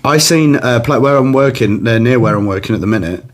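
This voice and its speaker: A man's voice: mid-range voice, a little fast. A young man, a comedian hosting a podcast, telling a rambling story in casual chat and putting on voices. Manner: animated, laughing, rambling storyteller doing voices.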